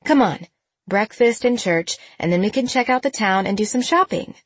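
A woman's voice: medium pitch, expressive, normal speed, slightly rough, no echo, voice pushed up. A woman voicing a young mother who is firm but affectionate, coaxing her daughter in an audiobook.

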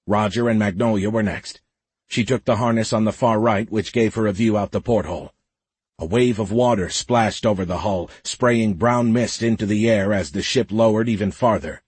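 A man narrating a science fiction audiobook in a steady, measured way. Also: fairly low pitch, husky, no room sound. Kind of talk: scripted narration.

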